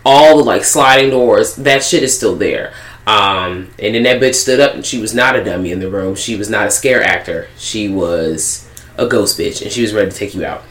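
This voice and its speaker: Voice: medium pitch, normal speed, a bit bright, reverberant. A co-host in casual chat, recapping a horror movie in a blunt, profane, mocking manner. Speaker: podcast co-host.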